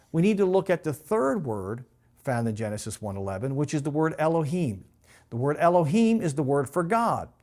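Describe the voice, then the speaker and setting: A middle-aged man, a pastor, teaching a Bible lesson in a steady explanatory way, repeating key points. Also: fairly high pitch.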